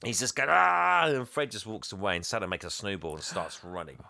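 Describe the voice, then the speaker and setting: A man retells a film scene by scene in a casual comedic recap. His voice is bright and forceful, recorded close and dry. He jumps into characters' lines with a raised, animated delivery. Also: low voice, fast, dry recording. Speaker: podcast host recapping a film.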